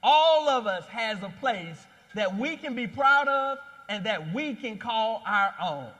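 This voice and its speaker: High, bright-voiced man telling stories on stage. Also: takes it slowly. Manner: animated storyteller, rallies the crowd. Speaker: founder and CEO giving a keynote. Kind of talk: live event speech with storytelling. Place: large hall at a live expo. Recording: long hall reverb.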